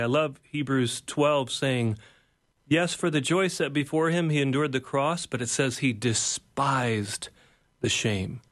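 A man's voice: mid-range voice, measured pace, a bit bright. A man, a pastor and author, speaking as an interview guest in an earnest, preacher-like way, building points through repeated phrases. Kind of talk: reflective devotional talk.

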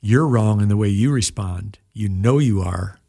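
Gravelly older man telling a story. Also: on the low side, moderate pace, warm tone, no echo, studio quality. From United States. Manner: earnest, emotional storytelling. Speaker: pastor and guest. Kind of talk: storytelling in an interview.

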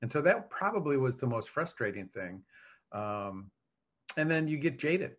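Earnest cop guy in an interview, mid voice, steady and frank. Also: medium pitch. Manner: earnest, measured, candid. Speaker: law enforcement officer, guest. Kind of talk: interview answers.

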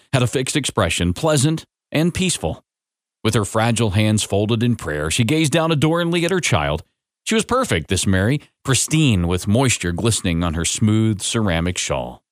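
Low-voiced man reading a story. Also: dry recording, clean studio sound. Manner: gentle, reflective, expressive. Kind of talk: scripted story narration.

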